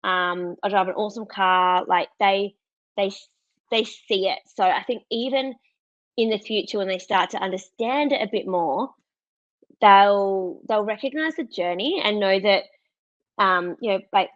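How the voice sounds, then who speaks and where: A woman's voice: medium pitch, a little slow, no room sound, muffled recording. A woman in her thirties with an Australian accent, a podcast guest telling a story in casual chat, candid and laughing often. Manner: candid, laughs often, quotes others in lively voices.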